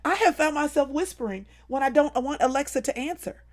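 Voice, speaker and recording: Animated woman chatting live with viewers. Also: high-pitched, brisk. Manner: animated, laughing, playful over-the-top storytelling. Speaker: live-stream host. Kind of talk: casual chat with viewers.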